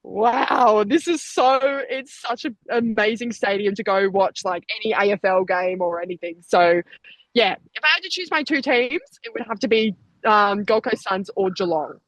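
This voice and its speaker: A young Australian woman in her twenties, chatting casually as an athlete guest, quick and talkative with frequent laughter. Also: mid-range voice, a bit bright, dry recording, rough recording. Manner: chatty, laughs often, fast bursts. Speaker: Olympic sprinter, guest. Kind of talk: casual interview chat.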